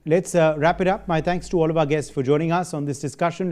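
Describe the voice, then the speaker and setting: A male news anchor wrapping up a debate and reading breaking news in a brisk way. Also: fairly high pitch, fairly even intonation, music in the background. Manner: brisk, crisp delivery.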